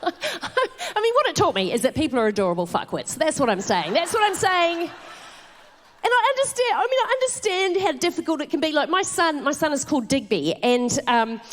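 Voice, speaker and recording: A New Zealand woman in her forties performs live stand-up on a theatre stage, spinning swearing anecdotes in a high, bright register. Her pitch swoops widely as she acts out scenes, with stage-mic presence. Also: brisk. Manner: animated storytelling with swearing and laughter. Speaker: stand-up comedian.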